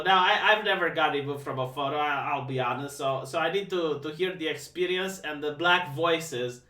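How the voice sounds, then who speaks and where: A high, bright male voice that mocks with dry sarcasm and trips over his own words as he restarts. He sits back from the mic in a room that echoes noticeably. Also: recorded from a distance. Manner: sarcastic, mocking, stammering restarts. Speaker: live-stream host. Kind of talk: casual live-stream commentary.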